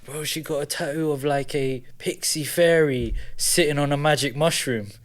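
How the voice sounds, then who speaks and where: A man's voice: a little high, moderate pace. Laughing man telling stories. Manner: animated storytelling, laughs often. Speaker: podcast co-host. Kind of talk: casual chat.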